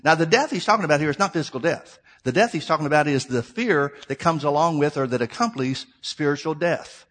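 A middle-aged preacher delivering a sermon to his congregation, moving between scripture reading and plain, conversational explanation. His voice sits a little higher than most men's. He keeps asking rhetorical questions and calls his listeners "folks.". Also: lively intonation, fast talker, few pauses, fairly bright tone.

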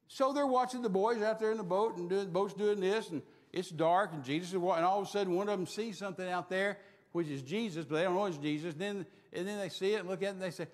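Folksy storytelling preacher, high for a man, long hall reverb. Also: quick pace. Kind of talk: storytelling sermon.

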